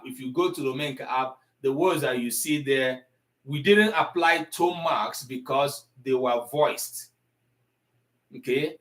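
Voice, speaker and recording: A man teaching an online language class, pausing often with ums as he explains tone. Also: mid-range voice, fairly bright tone. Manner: slow, deliberate, with frequent ums and pauses.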